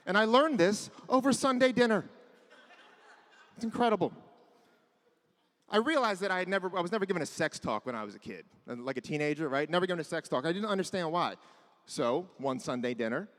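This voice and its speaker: Guy in his 30s doing stand-up, high voice, kinda self-roasting, echoey club room. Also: fairly bright tone. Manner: self-deprecating, acts out his parents' voices. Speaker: stand-up comedian. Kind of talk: stand-up set. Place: comedy club stage with a live audience.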